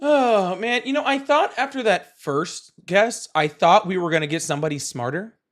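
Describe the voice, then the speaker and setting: A man's voice: high-pitched, lively intonation, moderate pace, fairly bright tone, soft background music. A young man hosting a live call-in political stream, talking casually and mocking his callers with sarcasm.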